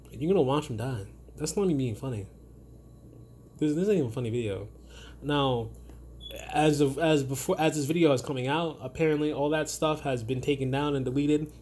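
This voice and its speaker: A man's voice: mid-range voice, fairly quick, a little mellow, slight background noise. A man ranting casually to camera in a blunt, profane and rambling way, often restarting his sentences. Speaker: vlogger.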